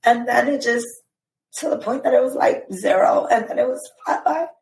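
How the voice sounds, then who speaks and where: A woman telling a painful personal story as a podcast guest, emotional and halting, with many fillers. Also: a little high, fairly even intonation, creaky, darkish tone, echoey room, low-quality recording.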